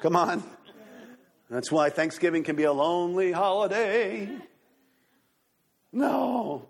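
A man preaching a sermon as pastor, excitable and animated, turning to the congregation with asides and questions. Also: high-pitched, normal speed.

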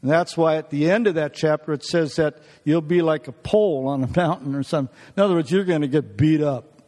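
A middle-aged man delivers a folksy sermon in a church, telling personal stories and chuckling between thoughts. His voice sits high for a man. The sound rings with a long reverb off the hall. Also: fairly quick, darkish tone. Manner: folksy, laughing often, many restarts. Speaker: guest preacher.

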